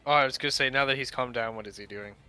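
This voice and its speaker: A man's voice: mid-range voice, very fast, bright, forceful tone, clear, resonant tone. A man playing a tabletop game, speaking hesitantly with fillers and laughing as he talks. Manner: hesitant, laughs while talking. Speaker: player. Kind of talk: tabletop role-play chat.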